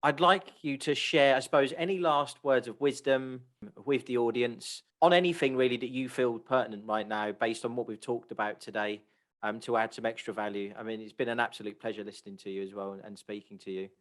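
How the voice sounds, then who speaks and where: A man hosting an interview, politely wrapping up and offering soft affirmations. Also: mid-range voice, steady tone, brisk. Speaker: interview host. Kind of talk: podcast interview.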